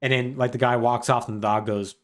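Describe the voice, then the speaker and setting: A man's voice: mid-range voice, steady tone, quick pace. A man co-hosting a podcast, recapping a game plot in a chatty, wry way with lots of fillers. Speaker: podcast co-host.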